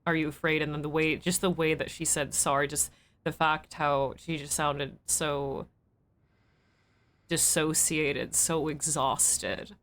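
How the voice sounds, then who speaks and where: A woman's voice: low voice, fairly even intonation, slow pace, a bit bright, a little hiss or hum. Rambling, reflective woman streamer. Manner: rambling and reflective, many fillers and restarts. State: emotional and weepy. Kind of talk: live-stream gameplay commentary.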